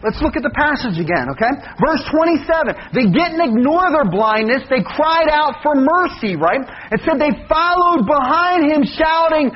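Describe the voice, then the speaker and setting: Animated male preacher, husky, lively pitch, lo-fi sound. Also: normal speed, hardly any pauses. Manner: animated, questions the congregation often. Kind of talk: sermon. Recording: dull lo-fi recording.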